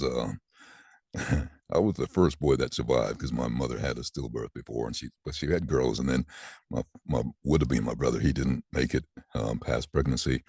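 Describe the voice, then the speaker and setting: Brief: man, 60s, extremely low husky voice, dry close mic, animated storyteller who mimics others. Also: no room sound. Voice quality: deep voice. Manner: animated, acts out quoted voices. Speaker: voice actor guest. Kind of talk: casual interview storytelling.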